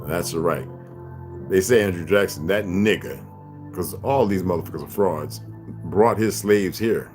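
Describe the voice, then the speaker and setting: A man's voice: deep voice, unhurried, a little mellow. A man hosting a casual livestream, rambling and profane, who laughs often as he talks. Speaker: livestream host. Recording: music playing clearly behind.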